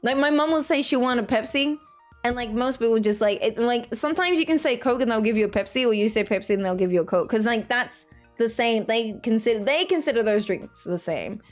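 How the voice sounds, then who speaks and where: A woman's voice: on the high side, lively intonation, brisk, soft background music. A woman, chatting casually with her chat while gaming, reading messages aloud and laughing often. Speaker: streamer.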